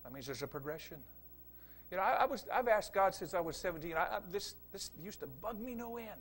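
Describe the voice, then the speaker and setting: A middle-aged man preaching a revival sermon, swinging from quiet asides to loud emphatic preaching. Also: high-pitched, lively intonation, fairly quick.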